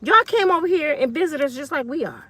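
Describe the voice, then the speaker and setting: A woman's voice: high-pitched, expressive, quick pace, sharp tone, dry recording. Fiery, blunt woman in her fifties. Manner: blunt, fiery, profane, slangy. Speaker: online commentator. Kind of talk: ranting monologue.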